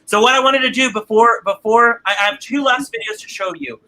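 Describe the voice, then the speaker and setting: A man hosting an online theater broadcast, chatting warmly and reading out viewer comments, often stumbling and repeating words. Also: very high-pitched, fairly quick, low-quality recording. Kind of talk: live-stream host reading viewer comments.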